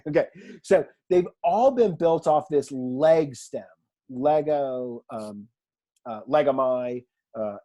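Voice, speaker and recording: A Greek teacher gives a recorded online language lesson from a room at home, keeping things relaxed and chatty with fillers and asides. His voice is medium-pitched, and the recording sounds muffled.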